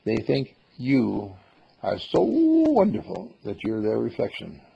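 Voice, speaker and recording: Playful older-sounding guy teaching a group, raspy low tone, lots of ups and downs in pitch. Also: huge pitch swings, slow pace, highs cut off. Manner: playful, acts out dialogue with voices. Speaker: spiritual teacher. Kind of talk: group talk.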